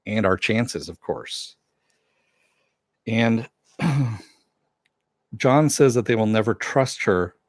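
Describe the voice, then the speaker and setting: A man with a low voice rambles casually through an episode recap, retelling the characters' lines in his own words. He leans on fillers and restarts. The sound is close and dry, with no room in it. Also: dry recording. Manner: rambling, many fillers and retold quotes. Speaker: TV show reviewer.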